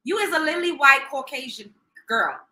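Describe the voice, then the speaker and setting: A woman's voice: high-pitched, lively intonation, normal speed, sharp tone. A woman hosting a livestream, reacting in a profane, sarcastic, emphatic rant. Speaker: livestream host. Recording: roomy echo.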